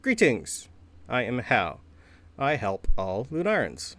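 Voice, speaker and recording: A man's voice: mid-range voice, takes it slowly, exaggerated voice. A man voicing a tall, stiff helper construct that repeats its greetings. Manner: stiff, repetitive, flat. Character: stiff giant construct robot, male, helpful.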